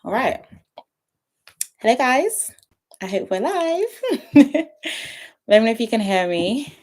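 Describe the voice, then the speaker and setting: A woman's voice: a little high, very animated, slow. Chatty young woman hosting a livestream. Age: 20s. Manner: chatty, playful, shouting out viewers by name. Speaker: YouTube livestream host. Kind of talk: casual livestream chat greeting viewers. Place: at home, her sister's house.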